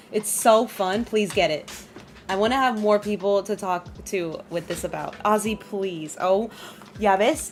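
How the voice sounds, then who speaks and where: A chatty woman livestreaming a game from her home, with a mid-range voice. She rambles easily, laughs often and keeps turning to talk with her dog and her chat. Soft music plays faintly behind her. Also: medium pitch, measured pace. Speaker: streamer. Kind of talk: casual chat while streaming a game.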